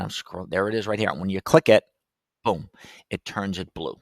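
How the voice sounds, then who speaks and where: This man's voice sits low, moves at normal speed, and has no echo. On his teaching podcast about classroom tech, he guides listeners through a screen-share demo step by step, keeping it chatty, loose, and full of fillers.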